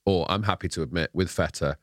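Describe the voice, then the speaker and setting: A man's voice: sits low, fast, crowd noise. A man co-hosting a podcast in casual chat, jokey and emphatic, agreeing eagerly. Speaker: podcast co-host.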